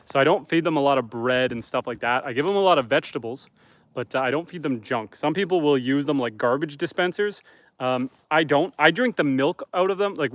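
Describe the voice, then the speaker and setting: A man's voice: fairly high pitch, fairly bright tone, no echo. A man from Canada, a homesteader, chatting casually on a livestream outdoors by a campfire, reading viewer comments aloud and answering them.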